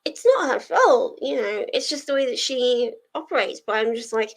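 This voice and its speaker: On her reading-sprint livestream, a young woman chats easily with viewers, rambling as she works through their messages. She sounds a little high and expressive, speaking at normal speed with few pauses.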